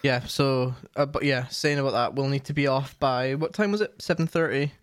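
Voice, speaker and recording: A man's voice: medium pitch, a little fast, smooth, no room sound, clean studio sound. A young man co-hosting a podcast in casual chat, rambling with lots of fillers and restarts. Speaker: podcast co-host.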